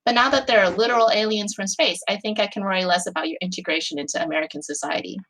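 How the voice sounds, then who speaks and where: A woman's voice: medium pitch, racing, fairly bright tone, low-quality recording. Chatty woman reading her fanfic aloud. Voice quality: chatty, many fillers, laughs between phrases. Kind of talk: casual reading aloud of fan fiction.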